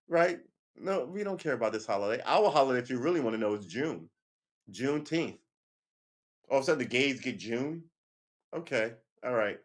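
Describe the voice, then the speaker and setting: A man in mid-pitch hosts his own livestream in a loose, unscripted rant. He talks with heated emphasis and curses freely. He breaks up his points with short laughs and a tag of "right?". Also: lively intonation, normal speed, long pauses. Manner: heated and emphatic, often swearing; keeps asking "right?" and laughs between points. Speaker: livestream host.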